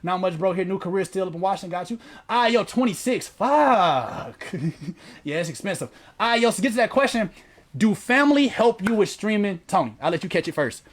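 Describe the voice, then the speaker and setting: A man's voice: high-pitched, animated, moderate pace. A man hosting a livestream in casual chat, slangy and profane, reading viewer comments aloud. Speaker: livestream host.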